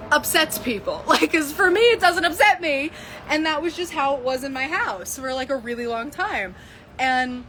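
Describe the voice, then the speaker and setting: A young woman with a bright, forceful and fairly high voice gives a casual tarot lesson. She talks in a candid, chatty way, swears freely and laughs a lot. A faint hum of room noise sits behind her. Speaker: tarot teacher.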